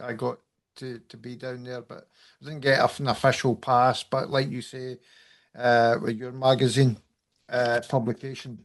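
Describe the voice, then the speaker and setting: Guy hosting an interview, chatty, lots of uh and um. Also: medium pitch. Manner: loose, hesitant, with fillers. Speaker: podcast host. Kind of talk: casual interview chat.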